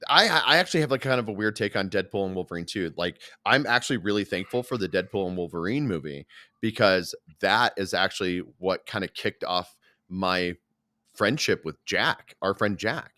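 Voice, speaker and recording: A man's voice: deep voice, expressive, moderate pace, bright, forceful tone, dry recording, studio quality. A man co-hosting a podcast, chatting casually about movies in a rambling way, full of fillers. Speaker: podcast co-host. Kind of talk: casual chat.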